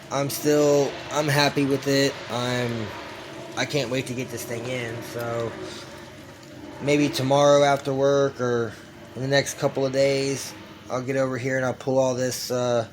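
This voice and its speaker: A man's voice: medium pitch, slight background noise. A young man talking casually to camera about his car build, loose and rambling, with lots of fillers and restarts.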